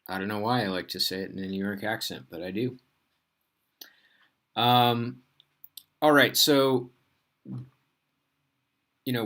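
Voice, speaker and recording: Casting: male teacher, lowish voice, unhurried, chatty delivery with lots of ums. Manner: casual, filler-heavy, relaxed explaining. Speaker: physics teacher. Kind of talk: recorded lesson.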